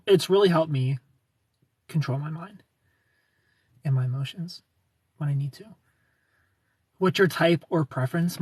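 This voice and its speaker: Man, 30s, husky, fairly high voice, dry close sound, casual livestream chat, rambling. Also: dry recording. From outside the United States. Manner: rambling, restarts words, light laughs. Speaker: livestream host. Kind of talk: casual livestream chat answering viewer comments.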